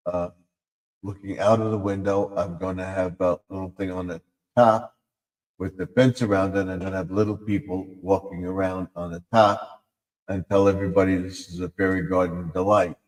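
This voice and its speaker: A man's voice: low voice, a little mellow, big-room sound. A man hosting a casual live stream, rambling about his plans and trying out silly voices.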